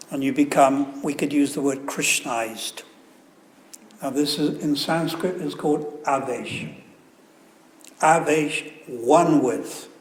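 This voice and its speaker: Male guru, sermon, unhurried, wry asides; roomy echo with faint ambience behind. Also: medium pitch, a little hiss or hum. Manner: conversational storyteller, joking asides. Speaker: visiting guru giving a talk. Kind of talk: sermon with anecdotes. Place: temple hall. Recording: echoey hall, faint room ambience.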